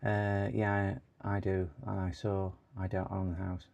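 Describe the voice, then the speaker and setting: A middle-aged man with a slightly low voice talks casually to his live viewers. He rambles from one thought to the next and tends to work himself up into exasperated complaints. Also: completely flat delivery, a little slow, gravelly, a little mellow, highs cut off. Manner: rambling, chatty, given to exasperated rants. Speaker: livestream host. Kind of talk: casual live stream chat.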